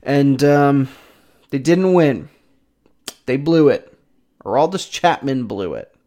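A man's voice: medium pitch, animated, takes it slowly, dark tone. A young man hosting his own sports podcast, chatting casually in a jokey, self-deprecating way that rambles and restarts. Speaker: podcast host.

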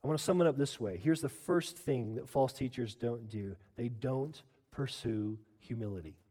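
A man preaching a sermon as pastor, emphatic, often urging "listen" and climbing to loud peaks. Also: mid-range voice, normal speed, breathy edge, big-room sound.

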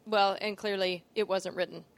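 A woman co-hosting a casual movie podcast, expressive and quick to swear about the film's writing. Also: mid-range voice, a little hiss or hum. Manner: expressive, laughs and swears freely. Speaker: podcast co-host. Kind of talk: casual movie-review chat.

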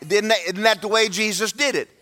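A man's voice: sits high, fairly even intonation, brisk, pushed and bright. A man, preaching a sermon to his church in a folksy, humorous, emphatic way. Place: church sanctuary.

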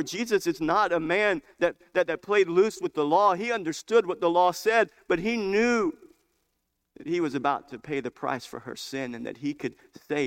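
A man's voice: fairly high pitch, normal speed. Fervent storytelling male preacher. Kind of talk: sermon.

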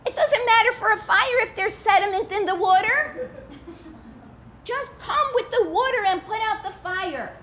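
A woman voicing an enraged male landowner who shouts at his servant. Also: extremely high pitch, a little slow, a little hiss or hum, pitched above the performer's own voice. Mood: furious. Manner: yelling, exasperated. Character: furious shouting male landowner, short-tempered.

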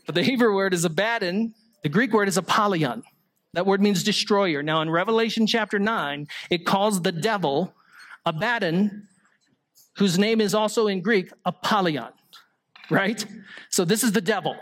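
A preacher asking rhetorical questions. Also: male voice, high-pitched, normal speed, a bit bright. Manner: explanatory preaching with rhetorical questions and small jokes. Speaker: pastor. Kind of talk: sermon.

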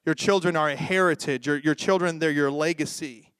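High-voiced joking male preacher. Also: brisk, clean tone, dry recording, clean studio sound. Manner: lively, joking, acts out quoted voices. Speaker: pastor. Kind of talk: sermon.

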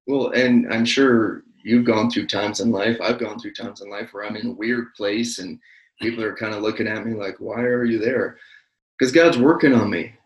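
Male podcast co-host, lower voice, earnest and reassuring, roomy echo. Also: steady tone, moderate pace, dull audio. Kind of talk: casual faith podcast chat.

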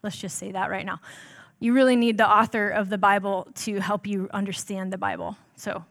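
A woman's voice: medium pitch, fairly even intonation, normal speed, gravelly, fairly bright tone. A woman on a church's staff giving a conversational sermon in a casual, self-deprecating way, with everyday fillers. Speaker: church staff member preaching.

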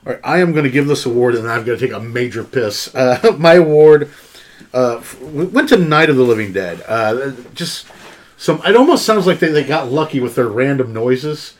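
A man's voice: medium pitch, expressive, normal speed. A man on a podcast, presenting an award in offhand, joking chat. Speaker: podcast co-host.

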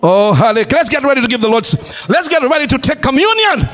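A male pastor preaching a sermon in an exclamatory style, calling out to the congregation and often laughing and shouting for emphasis. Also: very high-pitched, sing-song, fast talker, hardly any pauses, a faint crowd. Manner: exclamatory preaching with call-and-response.

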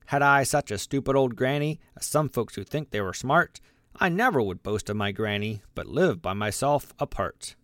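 A man's voice: medium pitch, lively intonation, moderate pace, fairly bright tone, no room sound, clean studio sound, natural voice. A man voicing a mischievous male jay bird in a storybook reading, taunting and smug.

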